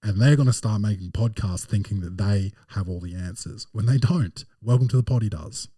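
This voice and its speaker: Deep, dark-toned comedy podcast host, rambling profane rants, dry close sound. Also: male voice, fairly quick, breathy edge, no echo, distant mic. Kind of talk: casual podcast chat and movie review.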